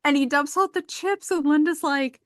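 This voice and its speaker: A woman's voice: high-pitched, moderate pace, dry recording, clean studio sound. A woman guest on a podcast, casually recapping scenes and quoting characters. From rural area. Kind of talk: casual chat.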